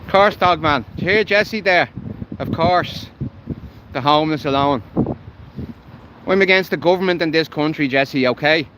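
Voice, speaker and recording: A man's voice: a little high, normal speed, pauses often, noisy background. An Irish man livestreaming while walking his dog by a canal, talking bluntly and heatedly with lots of swearing. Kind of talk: live walking vlog.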